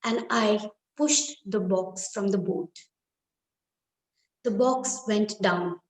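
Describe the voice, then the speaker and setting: A woman telling a dramatic first-person story in a slow, deliberate, expressive way. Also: medium pitch. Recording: echoey room.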